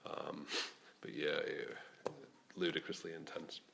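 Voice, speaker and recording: A man's voice: rumbling low, level tone, takes it slowly, creaky, a bit bright, a little hiss or hum. A man co-hosting a podcast, casually telling self-deprecating stories and swearing now and then. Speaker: podcast co-host. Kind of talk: casual chat.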